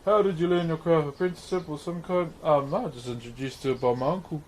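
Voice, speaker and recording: There's a little hiss or hum behind this young woodcarver streaming live, a New Zealander who talks fast in a fairly high, slightly mellow voice. He's laid-back and casual, laughing a lot as he carves.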